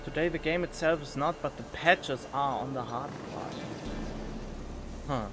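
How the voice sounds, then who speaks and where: A man's voice: on the high side, measured pace, noisy background. Man casually rambling over gameplay. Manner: rambling, chatting to viewers mid-game. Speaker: let's play streamer. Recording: game music playing behind.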